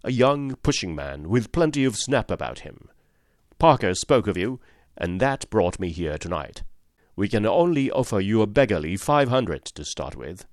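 A man voicing a brisk, sharp-spoken middle-aged financial agent who flatters and talks up a job offer in an audiobook. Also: lowish voice, dry recording, clean studio sound. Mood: flattering. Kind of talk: audiobook character voice.

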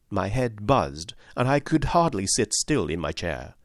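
Low-voiced male storyteller, expressive. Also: measured pace, few pauses, dry recording, studio quality. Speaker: audiobook narrator. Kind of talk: first-person storytelling narration.

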